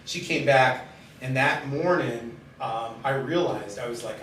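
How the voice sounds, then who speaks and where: A middle-aged man telling his own life story in a halting, candid way, with many pauses and fillers. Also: medium pitch. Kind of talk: personal storytelling in conversation. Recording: very echoey room, distant mic, steady background noise.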